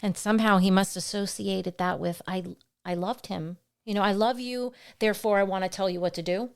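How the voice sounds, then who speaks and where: An earnest woman talks on a Christian podcast, retelling her own family struggles with real feeling. Her pitch sits in the middle of the usual range, and she slips into other voices when quoting people. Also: brisk, creaky, smooth. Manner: earnest, heartfelt, animated retelling. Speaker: podcast co-host. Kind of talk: faith conversation, personal storytelling.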